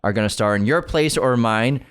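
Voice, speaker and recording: Young adult male co-host, relaxed and chatty, mid-range voice. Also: mid-range voice, fairly quick, clear, resonant tone. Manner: relaxed, reads news items then riffs and jokes. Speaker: podcast co-host. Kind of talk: casual chat.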